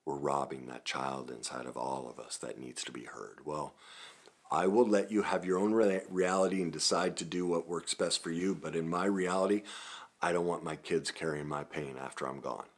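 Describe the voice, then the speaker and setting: A middle-aged man giving a self-help talk, laughing at himself and swinging from hushed earnest passages to loud animated ones. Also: very deep voice, normal speed. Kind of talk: motivational talk to camera.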